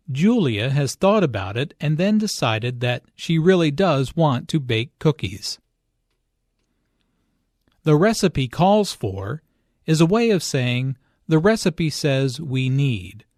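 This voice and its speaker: A man explaining English phrases in a scripted lesson, speaking slowly with careful stress on key words. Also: mid-range voice, darkish tone, dry recording, studio quality. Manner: slow, careful, clearly stressed delivery. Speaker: English teacher. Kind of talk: scripted lesson narration and dialogue.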